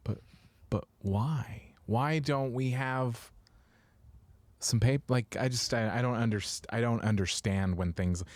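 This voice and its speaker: A man's voice: mid-range voice, steady tone, measured pace, no room sound. A man co-hosting a podcast in casual chat, hesitant and restarting his sentences. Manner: thoughtful, hesitant, many restarts. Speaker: podcast co-host.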